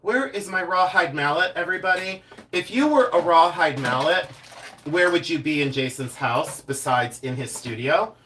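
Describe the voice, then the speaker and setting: A man's voice: a little high, normal speed, pushed and bright, a little hiss or hum. Chatty scattered man on a home livestream. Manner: chatty, scattered, talks to chat while rummaging around. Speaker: livestream host, silversmith. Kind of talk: casual live-stream chat. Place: home studio.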